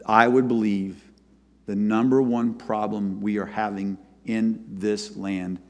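A man preaching a sermon and retelling a scripture story, his voice swinging from loud to soft. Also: fairly low pitch, little pitch movement, slow. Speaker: pastor. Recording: long hall reverb.

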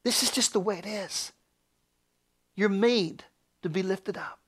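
Man, pastor, sermon, impassioned, fervent repetition, loud then whispered. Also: high-pitched, measured pace, slightly rough. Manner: impassioned, swinging from near-shouts to hushed whispers; fervent, repetitive preaching cadence.

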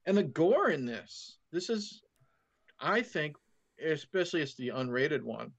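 A man's voice: on the high side, very animated, a little slow, creaky, lo-fi sound. A man in casual conversation, eagerly recounting film scenes in detail.

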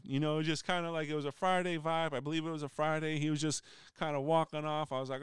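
A man's voice: on the high side, fairly even intonation, fairly quick, clear, resonant tone, no echo, clean studio sound. A middle-aged man, a union steward, telling a story in a casual, rambling monologue with many restarts. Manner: rambling, frequent restarts, acts out quoted voices. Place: voice message recording.

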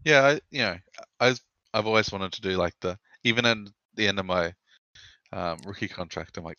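A man with an Australian accent, a guest on a casual podcast, who talks haltingly and fills gaps with "you know.". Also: low-pitched, bright, forceful tone, dry recording, dull audio.

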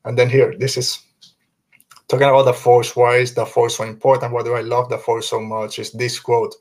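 A man's voice: medium pitch, little pitch movement, moderate pace. Earnest, emphatic male podcast host. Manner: earnest and emphatic, repeats points for stress; loose and conversational, tags lines with "man". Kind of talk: casual fan podcast commentary.

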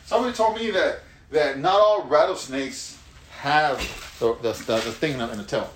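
A man's voice: a little high, normal speed, a little hiss or hum. A man from Houston telling rambling stories in casual, profane chat. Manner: rambling storyteller, profane, laughs a lot. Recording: echoey room with faint ambience.

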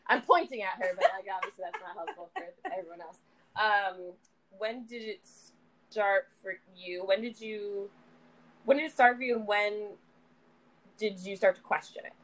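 Animated woman co-hosting a podcast. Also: medium pitch, normal speed, poor audio. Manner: animated storyteller, swears casually. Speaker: podcast co-host. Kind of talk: casual conversation.

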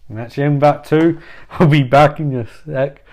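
A man's voice: fairly high pitch, fairly even intonation, normal speed, a little mellow. A man doing a rambling, crude improvised comedy monologue at home. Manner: rambling, crude, self-mocking.

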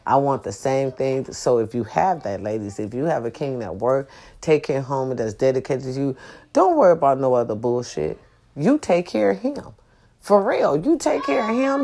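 A woman's voice: low voice, dark tone. A middle-aged woman vlogging a casual, profane venting monologue, addressing her viewers emphatically.

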